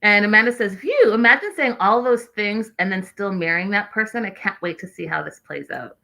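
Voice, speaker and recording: A woman hosting a show, recapping episodes in an animated, exclaiming way and acting out what people said. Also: medium pitch, brisk, gravelly. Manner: expressive, exclaiming, acting out quotes. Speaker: podcast host recapping a reality show.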